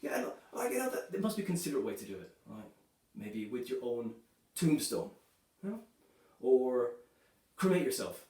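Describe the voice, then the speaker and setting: A man performing a stand-up comedy set, delivering dark jokes in a loose, chatty way, filling his lines with "you know" and "right". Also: mid-range voice, sing-song, moderate pace. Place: comedy club stage. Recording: echoey room, voice from a distance.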